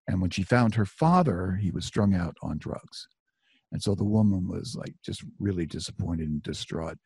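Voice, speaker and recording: A man's voice: low voice, animated, normal speed, darkish tone, husky, no echo, clean studio sound. A middle-aged man telling a personal story in a conversational, self-deprecating way, full of asides. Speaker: author and storyteller.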